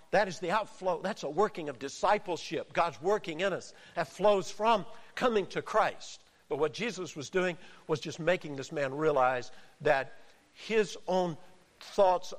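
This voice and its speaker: A man preaching a sermon, emphatic, with dramatic pauses and acted-out quotes. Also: fairly high pitch, big-room sound. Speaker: pastor.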